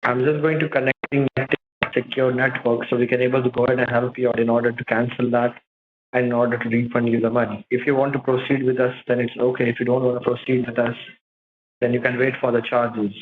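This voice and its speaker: A man's voice: medium pitch, level tone, quick pace, slight background noise. A man making a scam phone call, curt and pushy, with broken phrasing. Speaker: scam caller.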